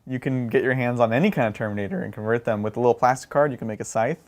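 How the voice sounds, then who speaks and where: Man explaining game tactics in a mid-pitched voice. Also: rapid-fire, a little mellow. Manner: explains game tactics with examples, chuckles often. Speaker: co-host. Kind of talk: casual chat.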